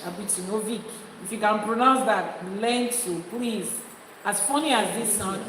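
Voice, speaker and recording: A woman's voice: medium pitch, a little hiss or hum. A woman with a Nigerian accent, an Ifá priestess teaching an audience, speaking emphatically and repeating her points to drive them home. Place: indoor room with people present. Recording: echoey hall with faint ambience.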